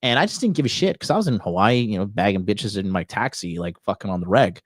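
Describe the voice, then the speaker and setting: This man's voice is on the low side, expressive and quick, in a dry, clean studio recording. He hosts a dating talk show in Tokyo, where as a dating coach and podcaster he tells a crude story full of swearing in a brash, cocky way.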